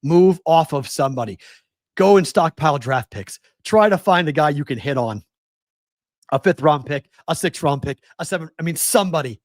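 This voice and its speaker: A man's voice: on the high side, animated, normal speed, dry recording, clean studio sound. A man in his forties hosting a sports talk show, ranting with exasperated rhetorical questions. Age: 40s. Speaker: sports betting show host. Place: West Coast.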